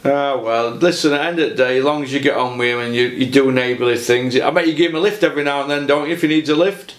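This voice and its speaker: A man's voice: mid-range voice, fast talker. A man hosting a casual chat, asking chatty leading questions. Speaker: host. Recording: echoey room.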